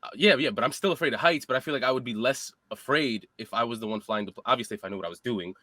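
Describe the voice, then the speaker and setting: A man's voice: medium pitch, racing, bright, forceful tone, dry recording. A man co-hosting a podcast in casual chat, explaining things eagerly. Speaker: podcast co-host.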